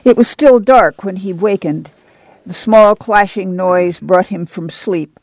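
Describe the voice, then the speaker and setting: A man reading a novel aloud in even, descriptive narration. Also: high voice, measured pace, dry recording, rough recording. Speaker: audiobook reader.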